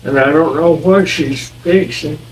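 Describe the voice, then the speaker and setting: A man's voice: fairly high pitch, measured pace, distant mic, poor audio. An older man with a Kentucky accent, the host's husband, talking in a folksy, easygoing way while he tastes the food.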